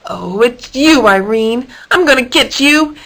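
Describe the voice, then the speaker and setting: A woman voicing a big, lumbering female hippo who feels lonely and speaks slowly and mournfully. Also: a little high, lively intonation, a bit bright, low-quality recording. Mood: startled. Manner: slow, drawn-out and mournful.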